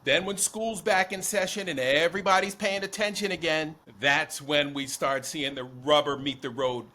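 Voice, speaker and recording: High, bright-voiced man, emphatic co-host. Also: normal speed. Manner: animated, emphatic, predicting. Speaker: podcast co-host. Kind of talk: casual political chat.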